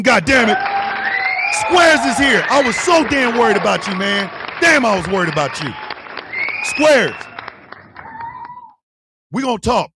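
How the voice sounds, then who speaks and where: Loud profane male stream host. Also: extremely high pitch, big pitch swings, unhurried, long pauses, crowd noise. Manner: loud, profane, shouting and laughing, swings from yelling to muttering. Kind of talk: profane live-stream rant.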